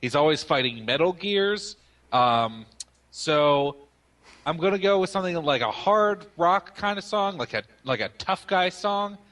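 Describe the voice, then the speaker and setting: A young man in a casual podcast chat, with a bright, slightly sharp tone. He explains things at length and pads his sentences with hesitant fillers. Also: a little high, expressive, measured pace. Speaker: podcast co-host.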